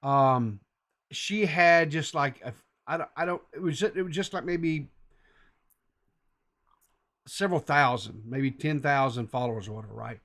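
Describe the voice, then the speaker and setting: A man's voice: medium pitch, normal speed, long pauses, fairly bright tone. A man hosting a casual podcast, recapping a story in a loose, meandering way. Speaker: podcast host.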